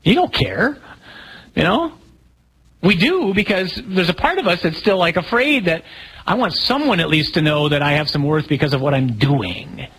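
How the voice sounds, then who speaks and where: Chatty priest with a higher voice. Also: male voice, lively intonation, normal speed, a bit bright, husky, low-quality recording. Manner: conversational, asks the audience questions, self-deprecating humor. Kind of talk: sermon talk to a congregation.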